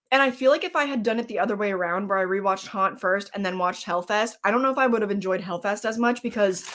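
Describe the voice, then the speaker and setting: A woman's medium-pitched, fairly bright voice carries a casual live stream where she rambles about horror movies. She's chatty, reacts to chat with fillers and laughs, and eats snacks while talking.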